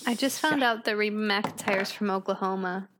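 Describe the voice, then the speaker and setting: A woman's voice: mid-range voice, normal speed, a bit bright, a little hiss or hum. A woman playing a tabletop game, giving terse, dry answers. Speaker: player.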